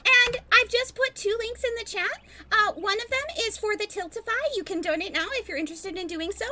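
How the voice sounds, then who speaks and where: A relentlessly cheerful little Christmas elf with a squeaky, very high and bright voice, as a woman puts her on. She chirps in a sing-song way about making presents and other elf things, in a tabletop stream. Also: fairly quick, full character voice. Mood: perky.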